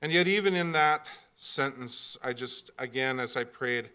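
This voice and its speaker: A man's voice: medium pitch, unhurried, bright, forceful tone, clear, resonant tone. A middle-aged man telling a humorous family story, rambling with many fillers and restarts and poking fun at himself. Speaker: speaker.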